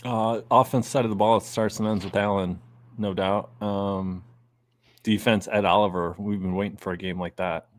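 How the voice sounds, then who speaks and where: A man's voice: fairly low pitch, fairly even intonation, normal speed, dry recording. A man co-hosting a casual sports podcast, joking and laid-back with his friend. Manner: joking, laid-back, says dude and bro. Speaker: podcast co-host.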